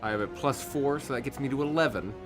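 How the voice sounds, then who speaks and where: A man playing a tabletop role-playing game, animated and laughing, with frequent stumbles and restarts. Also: medium pitch, fast talker, over music. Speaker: player. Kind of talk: tabletop role-play chat.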